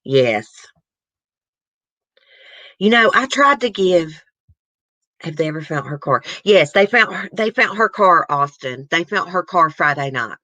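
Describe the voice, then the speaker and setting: A woman's voice: lowish voice, lively intonation, measured pace, pauses often, bright, forceful tone, no room sound, lo-fi sound. A woman, hosting a casual, emotional chat and talking straight to her viewers. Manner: emotional, chatty, addresses viewers. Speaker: host. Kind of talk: casual chat reacting to news clips.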